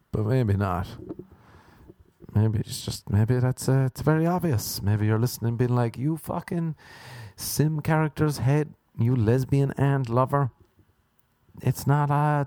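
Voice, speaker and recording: A man's voice: medium pitch, mellow. A young Irish man telling rambling, sweary, self-mocking stories in a casual monologue, acting out other people's voices as he goes. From Ireland.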